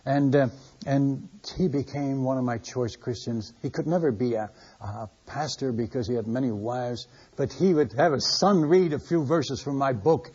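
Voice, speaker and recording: A man's voice: medium pitch, normal speed, darkish tone, husky. An older man and missionary preacher, telling stories in a folksy, conversational sermon style with a chuckle in his voice. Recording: dull lo-fi sermon recording.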